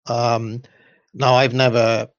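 A man's voice: mid-range voice, little pitch movement, slow pace, no echo, muffled recording. A man hosting a stream, rambling through commentary with frequent restarts and reading a children's book aloud. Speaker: livestream host.

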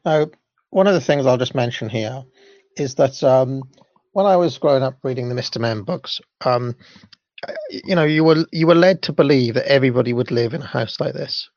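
A man with a gravelly, creaky voice talks through his thoughts in a casual, halting way. The sound is dry and close, but a little muffled. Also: mid-range voice, a little mellow, dry recording. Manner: hesitant, full of ums and restarts. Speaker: commentator. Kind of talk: casual commentary.

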